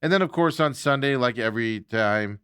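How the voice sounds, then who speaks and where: A man's voice: mid-range voice, animated, moderate pace, fairly bright tone, clean tone, dry recording, studio quality. A man hosting a sports talk show, chatting in a loose, casual way with chuckling asides.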